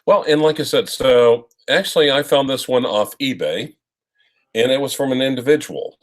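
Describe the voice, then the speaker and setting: A man's voice: medium pitch, normal speed. A man co-hosting a live stream, chatting casually and giving rambling advice with fillers. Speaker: co-host of a watch live stream.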